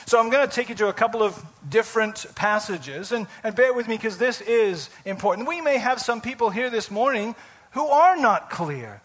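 A man pastor delivers a sermon in a strikingly high voice. He speaks slowly and deliberately, pushing words out loudly for emphasis, then dropping to soft asides. His delivery is animated throughout.

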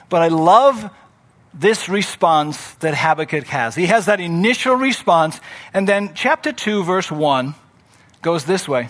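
Male pastor with a high voice, expressive sermon delivery that acts out scripture. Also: takes it slowly, long pauses.

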